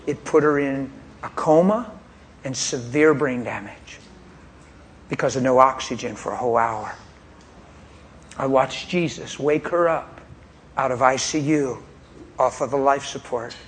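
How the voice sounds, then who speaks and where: A man's voice: medium pitch, measured pace, long pauses, a little hiss or hum. A man preaching a testimony in a pointed, straight-talking way, telling his story with animation and frequent laughter. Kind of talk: sermon testimony.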